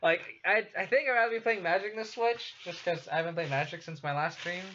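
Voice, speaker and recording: A man's voice: sits high, brisk, a bit bright, a little hiss or hum. A young man with a West Coast American accent chatting casually while streaming a card game, swearing and laughing often. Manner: laid-back, swears a lot, laughs often. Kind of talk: casual chat while gaming. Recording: dull lo-fi stream audio.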